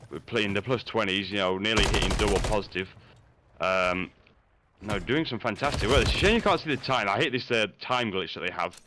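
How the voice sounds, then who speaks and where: A man's voice: lowish voice, noisy background. A Welsh man commentating a live esports shooter match, bantering and laughing often. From Wales. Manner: chatty, jokey banter with frequent laughs. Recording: gunfire and game sounds over the voice. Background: game gunfire and explosions.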